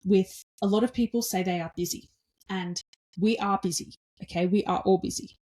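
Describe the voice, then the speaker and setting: A woman hosting a podcast, giving casual motivational talk in an energetic, blunt way, swearing freely and acting out little dialogues in her own voice. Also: mid-range voice, normal speed. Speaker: podcast host.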